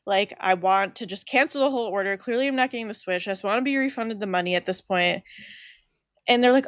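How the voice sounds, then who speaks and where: A woman's voice: medium pitch, fast talker, no room sound, studio quality. A young pregnant woman co-hosting a podcast, telling a story casually and acting out the other people in it with a laugh here and there. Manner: animated, acts out quoted voices, laughs often. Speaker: podcast co-host.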